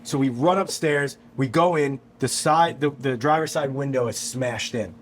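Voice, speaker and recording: A man from New York, a guest musician, telling a story on a podcast in a casual, animated, profane way. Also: mid-range voice, normal speed, slight background noise. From New York, USA. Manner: animated, profane, acts out quotes.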